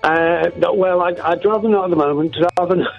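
Radio caller: man, high voice, dry mock-glum humour, tinny phone line. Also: steady tone, a little fast, vocal fry, faint music behind. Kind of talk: phone-in chat.

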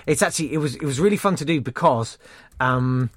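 Teasing radio host. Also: male voice, mid-range voice, animated, no room sound, clean studio sound. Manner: teasing, halting, stammers and laughs. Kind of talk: casual radio chat.

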